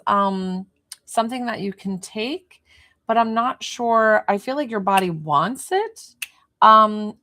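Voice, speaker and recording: A woman running a live-streamed energy healing session, talking calmly through breathing and encouragement with chatty asides. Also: mid-range voice, gravelly. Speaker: spiritual healer on a livestream.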